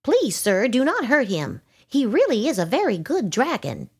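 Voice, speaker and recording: A woman's voice: a little high, wildly swooping pitch, moderate pace, darkish tone, husky, pitched above the performer's own voice, full character voice. Persnickety, a woman doing a fussy little ladybug. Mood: pleading. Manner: scolding yet polite, prim. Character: fussy motherly female ladybug. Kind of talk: storybook read-aloud.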